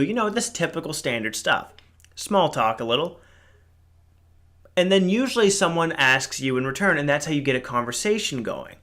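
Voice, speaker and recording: A man's voice: on the high side, expressive, fairly quick, pushed and bright. A young man hosting a casual solo podcast, telling a rambling story with lots of fillers and swearing. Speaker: podcast host. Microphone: podcast mic.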